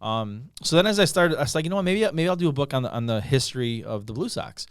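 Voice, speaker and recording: A man's voice: mid-range voice, lively intonation, quick pace, clean tone, no room sound, clean studio sound. A middle-aged man from Utica, New York, telling a story as a guest author, rambling with fillers and restarts. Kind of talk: casual podcast chat.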